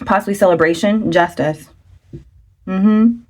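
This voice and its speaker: Excitable woman doing a tarot reading. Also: medium pitch, measured pace. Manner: chatty and excitable, breaks into laughs and exclamations. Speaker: tarot reader. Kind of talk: casual tarot reading to camera.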